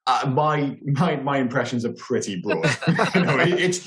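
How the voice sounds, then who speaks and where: A man's voice: medium pitch, lively intonation, normal speed, a bit bright. A man co-hosting a casual podcast chat, rambling with frequent restarts and self-deprecating asides. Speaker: podcast co-host. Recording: echoey room.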